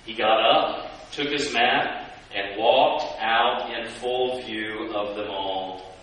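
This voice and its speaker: A man preaching a sermon and asking the congregation questions, lively and animated. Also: fairly low pitch, slow pace. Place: church sanctuary. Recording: echoey church from a distance with hiss.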